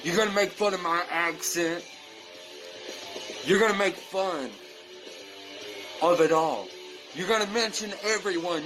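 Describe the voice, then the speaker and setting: A man delivering a boastful, menacing wrestling promo, slow and deliberate. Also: sits high, rough recording. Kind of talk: scripted wrestling trash-talk promo. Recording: guitar music playing loudly behind.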